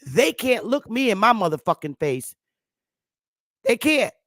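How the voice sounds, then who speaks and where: A woman's voice: mid-range voice, fairly bright tone, dry recording, studio quality. A woman talking straight to the camera in a casual monologue, blunt, heavy on profanity and emphatic. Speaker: online commentator.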